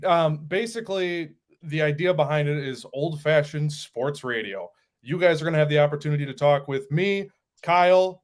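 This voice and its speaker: A man from Wisconsin with a Wisconsin accent, a show producer chatting in a friendly way and laughing easily. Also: fairly high pitch. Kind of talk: casual chat.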